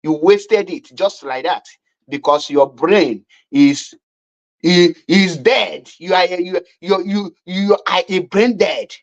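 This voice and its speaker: A woman's voice: lowish voice, slow, lo-fi sound. A woman with a Nigerian accent giving mocking online commentary, scornful and repetitive. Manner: scornful, repetitive, laughing at her opponents.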